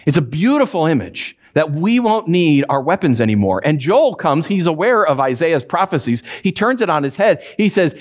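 A man preaching a conversational livestreamed sermon as a pastor, often restarting phrases and moving from emphatic peaks to quiet, low stresses. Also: very animated, moderate pace, few pauses.

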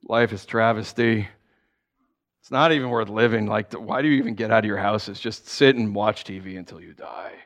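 A man's voice: fairly even intonation, fairly bright tone, clear, resonant tone. A man voicing a gloomy, despairing man who moans that life is pointless, in a droning, mopey way. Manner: droning, mopey, low and slow.

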